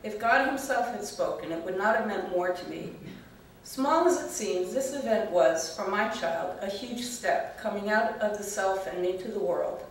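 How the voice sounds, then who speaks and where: A middle-aged woman reading her personal essay aloud at a student reading, measured and calm. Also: medium pitch, a little hiss or hum. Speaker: MFA student reader. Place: reading venue hall. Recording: echoey room from far off.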